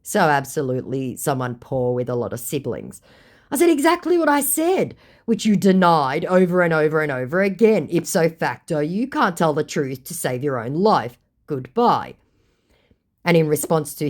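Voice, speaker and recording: A woman's voice: low-pitched, expressive, normal speed. A woman telling a storytime vlog about chatting with a scammer, sarcastic and exasperated. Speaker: storyteller recounting a chat with a scammer.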